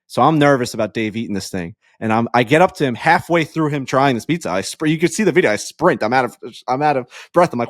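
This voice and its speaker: A man co-hosting a podcast, telling a story in a casual, excitable way and swearing freely. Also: mid-range voice, fast, few pauses, no room sound, clean studio sound. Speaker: podcast co-host. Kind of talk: casual chat.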